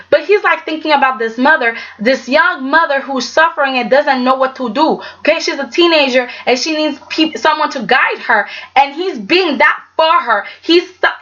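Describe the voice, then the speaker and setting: A woman's voice: high-pitched, bright, forceful tone, lo-fi sound. A woman giving a casual, sassy vlog review of a soap opera, talking emphatically and tagging her points with "okay?".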